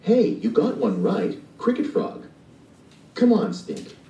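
A man's voice: sits high, wildly swooping pitch, slow pace, warm tone, reverberant, distant mic, pitched above the performer's own voice, full character voice, rough recording. A man voicing a spirited, bossy young girl who is a big sister, in a storybook reading. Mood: playful.

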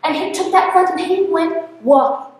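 A woman telling a folktale to a church congregation in a lively, sing-song way. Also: very high voice, moderate pace, background noise. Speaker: folktale storyteller. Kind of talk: oral storytelling to a congregation. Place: church sanctuary. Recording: echoey hall from far off.

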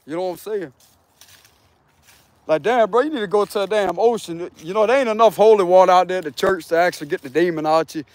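A man's voice: high voice, fast, dry recording. A man who reads tarot, walking a wooded trail outdoors and chatting to his viewers in a laid-back, slangy, profane way, often laughing. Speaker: tarot reader. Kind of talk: casual walking vlog.

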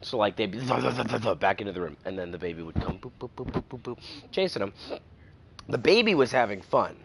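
A man chatting on his live stream through a headset, telling stories in an animated way and swearing freely. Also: on the low side, quick pace, vocal fry, a little hiss or hum. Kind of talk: casual chat on a live stream.

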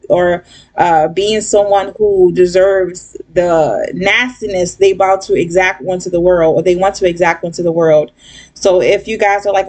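A woman giving a casual tarot reading to her viewers, rambling and blunt, with lots of fillers and "okay?" checks. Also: mid-range voice. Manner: blunt, occasional cursing. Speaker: tarot reader.

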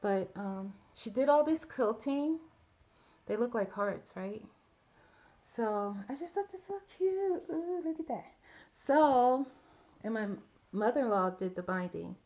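Woman, middle-aged, casual show-and-tell vlog, rambling, chatty, slightly high voice. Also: lively intonation, takes it slowly, darkish tone. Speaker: video blogger.

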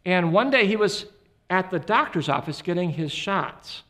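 A man with a high, bright voice giving a humorous Christian teaching. He tells stories animatedly, shifting in and out of comic voices, and his tone stays light and lively throughout. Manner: animated storyteller, quick to slip into voices.

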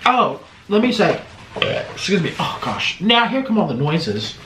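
Excitable man gushing over food. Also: sits high, measured pace, noisy background. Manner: excitable, gushing, full of exclamations. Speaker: mukbang host. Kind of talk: casual eating vlog chat. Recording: roomy echo.

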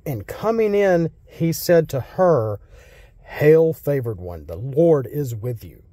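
Husky, dark-voiced American man teaching scripture. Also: on the high side, big pitch swings, no room sound, clean studio sound. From United States. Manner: reads verses slowly and solemnly, then chats casually with fillers. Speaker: Bible teacher. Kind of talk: reading scripture and explaining it.

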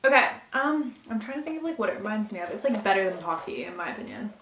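A woman's voice: medium pitch, expressive, quick pace, fairly bright tone. A young woman vlogger chatting casually through a snack taste test, full of "like" fillers. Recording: echoey room with faint noise.

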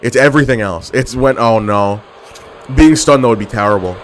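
A man's voice: mid-range voice, moderate pace, a little hiss or hum. A young man giving live gameplay commentary, trash-talking his opponents and getting exasperated with the match. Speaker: gaming commentator.

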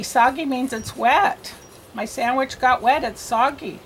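A woman teaching young children to read, stretching each letter sound slowly in a sing-song drill. Her voice sits a little high and moves at an unhurried pace. A faint hiss of noise runs underneath. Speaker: reading teacher. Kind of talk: children's phonics lesson.

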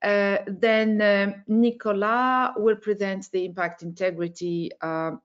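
A woman's voice: mid-range voice, fairly even intonation, slow, smooth, lo-fi sound. A woman hosting an online webinar, giving opening remarks in a hesitant way, with many filler sounds. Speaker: webinar host. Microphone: video call.

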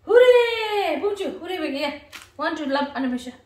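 A woman's voice: very high voice, sing-song, fairly quick, darkish tone, reverberant. A woman playing with her child in a home video, coaxing and singing in sing-song baby talk.

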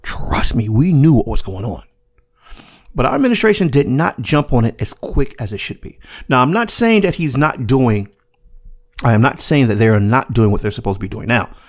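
A man's voice: mid-range voice, big pitch swings, normal speed. A man hosting a casual commentary podcast, talking emphatically with repeats and swearing. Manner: emphatic, repetitive, profane. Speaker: podcast host.

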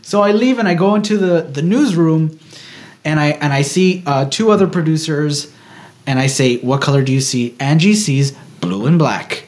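Speaking at a normal speed in a fairly high voice, a male podcast co-host recounts a story during a relaxed chat. He curses without restraint and performs other people's lines with lots of energy.

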